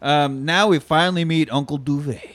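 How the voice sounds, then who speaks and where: A man's voice: on the high side, moderate pace, fairly bright tone, no room sound. A man from Wisconsin co-hosting a podcast, recapping a movie's plot in casual, profane banter with a wry edge. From Wisconsin, USA. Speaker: podcast co-host.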